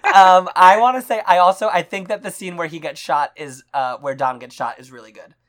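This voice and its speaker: A woman's voice: fairly low pitch, brisk, fairly bright tone. A young woman co-hosting a podcast, chatting casually about movies with lots of fillers and frequent laughter. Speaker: podcast co-host.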